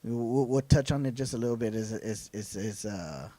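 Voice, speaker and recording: A Texan man co-hosting a podcast, rambling with lots of fillers and sounding excited. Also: lowish voice, normal speed, dry recording. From South Texas. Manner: enthusiastic, rambling with many fillers. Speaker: podcast co-host. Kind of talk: casual chat.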